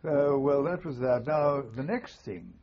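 An older man, a former army chaplain, recalling wartime memories in an oral history interview, with halting, understated speech and frequent restarts. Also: medium pitch, expressive. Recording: muffled lo-fi recording.

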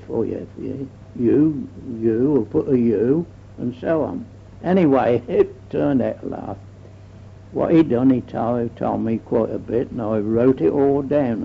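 A man's voice: mid-range voice, creaky, a little hiss or hum. An older man, recounting his war memories in a rambling oral history, often repeating "I said". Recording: dull old archival tape recording.

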